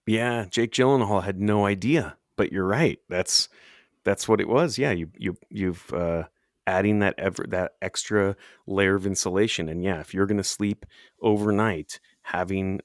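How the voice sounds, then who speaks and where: Male podcast co-host, deep voice, loose rambling chatter, dry close sound. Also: dry recording. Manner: rambling, chatty, quick to laugh. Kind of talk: casual chat.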